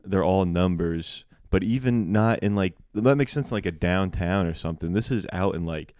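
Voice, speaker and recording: A man's voice: low voice, normal speed, darkish tone, dry recording. A man co-hosting a comedy podcast, rambling and swearing in casual chat, laughing often. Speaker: podcast co-host.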